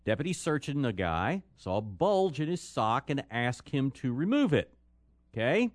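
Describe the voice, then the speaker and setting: A man hosts a casual radio chat, his pitch swinging widely as he jokes and reads items aloud. The studio sound is dry and close, with no room around him. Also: moderate pace, no room sound. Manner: lively, jokey, reads items aloud with asides. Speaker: radio show host.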